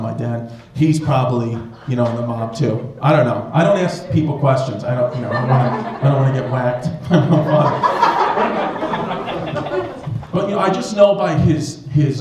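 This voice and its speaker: A man performing a stand-up comedy set, riffing with the audience in a rambling, profane way. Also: medium pitch. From United States. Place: comedy club stage with a laughing audience. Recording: echoey club with loud crowd laughter.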